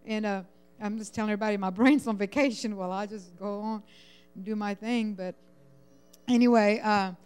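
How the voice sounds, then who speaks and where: A woman sharing a personal prayer request at church, rambling and halting with many fillers, sounding overwhelmed and close to tears. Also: mid-range voice, steady tone, a little mellow, smooth, soft background music. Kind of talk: emotional personal testimony.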